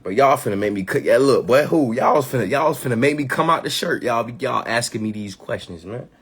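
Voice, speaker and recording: A man's voice: mid-range voice, lively intonation, fast, fairly bright tone, breathy edge. A man hosting a live community gathering, talking passionately with a lot of slang, swearing and repeated phrases. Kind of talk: casual live-stream talk.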